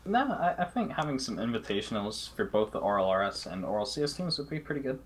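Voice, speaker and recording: A man talking as a guest on a casual esports podcast, soft-spoken and a bit hesitant. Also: fairly low pitch, expressive, fast, a little hiss or hum. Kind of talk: casual chat.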